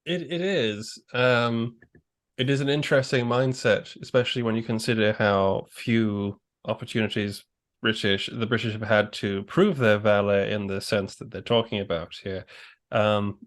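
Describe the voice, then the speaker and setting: A man's voice: fairly low pitch, fairly even intonation, normal speed. A man hosting a casual history discussion, thoughtful and rambling as he talks through his ideas aloud. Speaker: podcast host.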